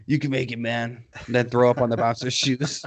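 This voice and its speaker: A man's voice: mid-range voice, level tone, fairly quick. A young man co-hosting a podcast in casual chat, rambling, swearing often and laughing through his own stories. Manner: rambling, profane, laughs often, loud impressions. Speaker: podcast co-host.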